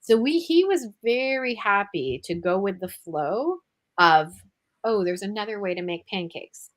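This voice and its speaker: Animated woman podcast host. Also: mid-range voice, measured pace. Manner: animated, exclaiming, acts out quotes. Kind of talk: casual podcast interview.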